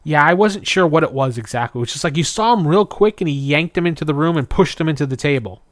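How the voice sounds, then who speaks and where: Animated man recapping a cartoon. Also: fairly high pitch, fast, dry recording, clean studio sound. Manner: animated retelling, briefly mimicking characters' lines. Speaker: podcast co-host. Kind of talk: casual recap chat.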